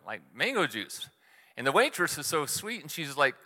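A middle-aged man preaching a sermon, telling stories in a relaxed, conversational way with self-deprecating humor. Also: mid-range voice, normal speed, in a large hall. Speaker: church speaker.

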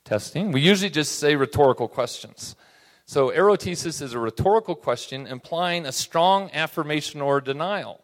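A man of middle pitch teaches a Bible class, his voice ringing out with a long reverb tail. He talks in a conversational way and often checks in with a quick question to his listeners. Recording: reverberant hall.

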